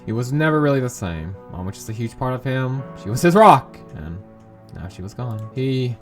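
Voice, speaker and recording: Man reading sad teenage girl, halting, sighing, soft music behind. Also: medium pitch, very animated, close to an everyday voice. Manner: halting, restarting, soft sighs. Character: upset teenage girl, sharp-tongued but hurting.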